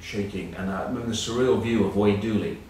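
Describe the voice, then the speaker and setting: Speaking fast in a lowish, somewhat dark voice, an English ex-rugby captain in his forties rambles through anecdotes for an online news segment. Expect self-deprecating dry wit and lots of hesitations like um and uh, captured by a far-off mic in a very reverberant room with slight background noise.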